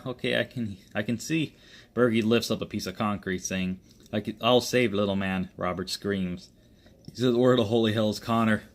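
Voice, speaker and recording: A man with a fairly low voice tells an improvised action story. He rambles and restarts often, and voices each character's lines himself instead of reading from a polished script. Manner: rambling, halting delivery with frequent restarts. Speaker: amateur storyteller.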